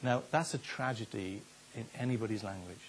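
A man's voice: fairly low pitch, a little fast, a little hiss or hum. An older man, a pastor preaching a sermon in an earnest, conversational way, often repeating his words. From Wales.

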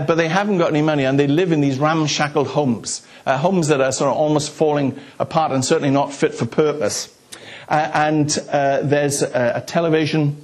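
A man's voice: medium pitch, darkish tone. A man, from Wales, preaching a sermon as pastor and telling stories with asides to the congregation. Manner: chatty storytelling with asides to the congregation.

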